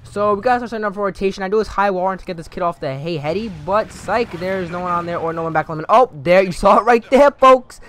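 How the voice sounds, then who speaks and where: High-pitched sarcastic young man gaming. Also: a little hiss or hum. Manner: sarcastic, swearing, animated outbursts. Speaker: gaming commentator. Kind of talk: casual gameplay commentary.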